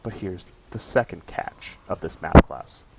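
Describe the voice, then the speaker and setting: Speaking a little slowly in a creaky, low-pitched voice, a young adult male student vlogs a casual rant full of swearing, often adding "okay?" to the end of his lines. A little hiss or hum is present in the audio.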